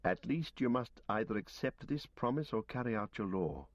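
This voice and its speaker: A man's voice: lowish voice, expressive, moderate pace, no echo. A man doing an earnest young male hobbit, courteous. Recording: dull lo-fi recording.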